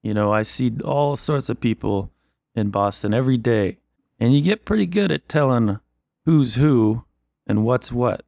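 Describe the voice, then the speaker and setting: Man doing a gruff, suspicious 1920s cop. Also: mid-range voice, lively intonation, measured pace, a little mellow, dry recording, clean studio sound. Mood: dismissive. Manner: gruff, plain-spoken, dismissive. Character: blunt suspicious male 1920s Boston cop. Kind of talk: tabletop role-play in character.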